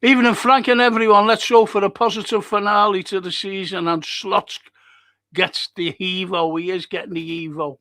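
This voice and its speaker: Hosting a casual live podcast, a man reads out comments and tells rambling stories, swearing freely throughout. His voice is high-pitched, bright, and forceful, with fairly even intonation and a moderate pace.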